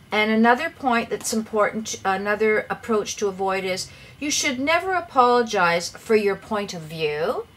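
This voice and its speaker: A woman teaching English writing in a clear, measured lesson, giving direct advice to the viewer. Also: medium pitch. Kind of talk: lesson explaining writing tips.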